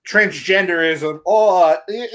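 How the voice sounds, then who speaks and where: A man with a bright, tense, fairly high voice gives strong opinions in a casual chat. He leans hard on his points. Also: moderate pace. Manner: opinionated, emphatic. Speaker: show panelist.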